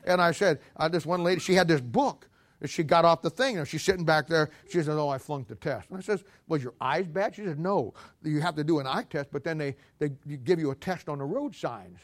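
A high-voiced man delivers a folksy, joking sermon. He tells stories with animated swings between loud bursts and quiet asides, and laughs at his own punchlines. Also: brisk. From Missouri, USA. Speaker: pastor.

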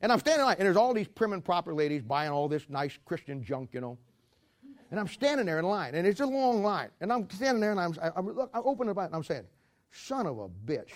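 A man's voice: high voice, very animated, fast. A man pastor preaching a sermon as a rambling, joking storyteller who walks about while he preaches.

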